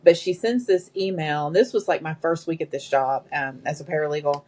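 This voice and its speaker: A woman's voice: deep voice, fairly quick. A woman guest telling work stories in casual conversation, quoting the people involved as she goes. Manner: animated, quotes people in their own voices. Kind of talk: conversational storytelling.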